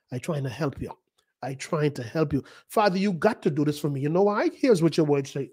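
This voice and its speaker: A man's voice: on the high side, animated, fairly quick, breathy edge. Impassioned middle-aged male pastor. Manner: impassioned, swings between loud and hushed. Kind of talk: sermon with prayer.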